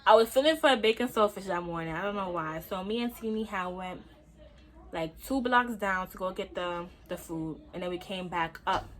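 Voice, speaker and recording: A young woman tells a story into her phone at home. She is animated and slangy and talks straight to her viewers in an easy storytime chat. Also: mid-range voice, normal speed. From Brooklyn, New York. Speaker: vlogger. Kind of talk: casual storytime.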